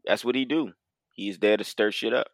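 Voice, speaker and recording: A man co-hosting a casual podcast chat, laid-back and agreeable, quick to laugh. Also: fairly low pitch, fairly even intonation, dry recording, studio quality. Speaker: podcast co-host.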